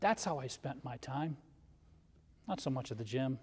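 A man's voice: medium pitch, animated, moderate pace, husky. A man preaching a sermon in a conversational way, with self-deprecating humor and rhetorical questions. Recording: long hall reverb.

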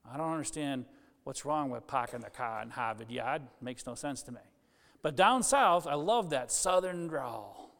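A man's voice: mid-range voice, animated, normal speed, creaky, fairly bright tone, in a large hall. A man preaching a chatty, joking sermon, full of asides and restarts, in a church. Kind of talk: conversational sermon.

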